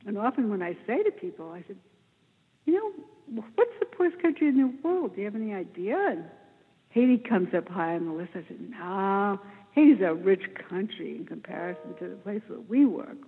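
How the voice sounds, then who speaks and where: A woman telling the story of her charity work in an interview, in an animated, emphatic way, often clearing her throat. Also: medium pitch, a little fast. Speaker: interview guest, charity founder. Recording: tinny phone-like line with long reverb.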